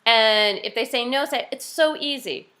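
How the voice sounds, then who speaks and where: A woman's voice: on the high side, moderate pace, pushed and bright. A woman coaching her team on a video call, chatty and upbeat, acting out cheerful quotes now and then.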